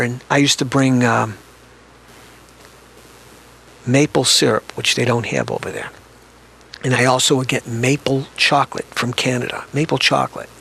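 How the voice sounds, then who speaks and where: An older man with a gravelly edge speaks as an interview guest, recalling his past at an ordinary pitch. He talks in a reflective, conversational way and often restarts his sentences. Faint ambient noise sits behind him. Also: fairly bright tone. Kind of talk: reminiscing storytelling in an interview.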